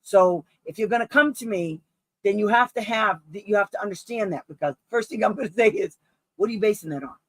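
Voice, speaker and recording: Woman advocate, live-stream chat, husky and dry, blunt with frequent laughs. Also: medium pitch, a little fast, fairly bright tone, no echo, rough recording. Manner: blunt, emphatic, laughs often. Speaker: special education advocate. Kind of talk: live-streamed casual talk.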